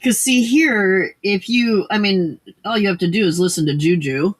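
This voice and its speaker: A woman's voice: mid-range voice, moderate pace, breathy edge. An older woman hosting a casual late-night crafting livestream, rambling with many fillers and restarts.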